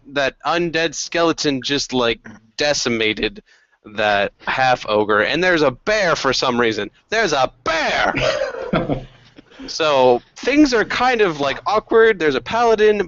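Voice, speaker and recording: A man's voice: fairly high pitch, fairly bright tone, no echo. A man narrating a tabletop game as dungeon master, loose and laughing, with goofy voices. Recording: muffled, dry home recording.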